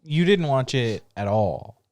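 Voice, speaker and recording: A man's voice: medium pitch, expressive, measured pace, darkish tone, dry recording. A man co-hosting a podcast, teasing his partner with short wry remarks. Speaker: podcast co-host. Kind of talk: casual chat.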